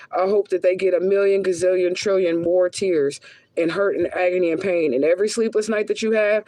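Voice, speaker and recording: A woman spiritual reader with a medium-pitched, mellow voice and no echo gives a casual, blunt, profane reading. For emphasis she repeats herself with real heat.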